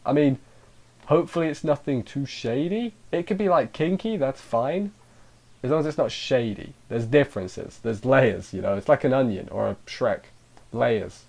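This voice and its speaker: A man's voice: mid-range voice, expressive, moderate pace, creaky, darkish tone. Rambling, self-interrupting male anime reviewer. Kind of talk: casual spoken review.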